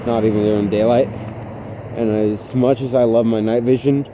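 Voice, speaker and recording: A man's voice: mid-range voice, fairly even intonation, moderate pace, warm tone. Sarcastic teen guy rambling on a night walk. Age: teens. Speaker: vlogger. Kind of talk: casual vlog monologue. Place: outdoors at night, suburban streets. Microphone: head-mounted action camera. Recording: noisy outdoor action-cam audio.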